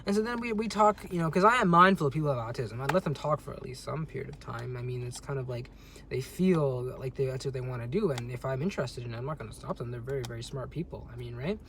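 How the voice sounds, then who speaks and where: A man's voice: medium pitch, quick pace, fairly bright tone, a little hiss or hum. A man talking casually to camera in a rambling way, often repeating words and restarting his sentences. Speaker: vlogger. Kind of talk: casual monologue.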